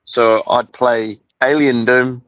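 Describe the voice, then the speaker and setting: A man, a guest on a livestream, speaking in a measured, hesitant way. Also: medium pitch, steady tone, a bit bright, no room sound, highs cut off. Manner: measured, hesitant, thinks aloud. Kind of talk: casual chat.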